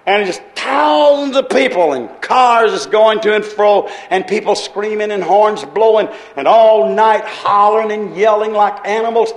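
A high-pitched man preaches with fervor. He stretches out his scripture quotes and climbs into shouts. The room behind him rings with a roomy echo. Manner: impassioned preaching, rising to shouts, drawn-out quotes. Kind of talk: sermon. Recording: echoey room.

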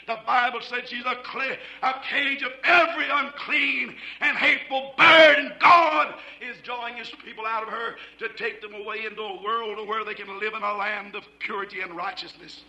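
A man preaching a fiery sermon, shouting in a rhythmic, repetitive cadence. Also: very high-pitched, fairly even intonation, normal speed, vocal fry, echoey room, poor audio.

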